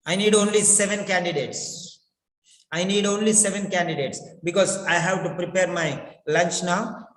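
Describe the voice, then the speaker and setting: Male pronunciation teacher, high pitch, repeats himself to coax students; echoey room with a long reverb tail. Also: steady tone, normal speed, fairly bright tone. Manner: repeats words and phrases, coaxing students to respond. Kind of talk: online class teaching. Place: in his village.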